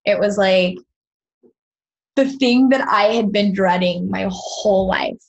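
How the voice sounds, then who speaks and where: Breathy woman, podcast guest, earnest storyteller, animated. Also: medium pitch, slow, muffled recording. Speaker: podcast guest, sound healer. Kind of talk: personal storytelling in an interview.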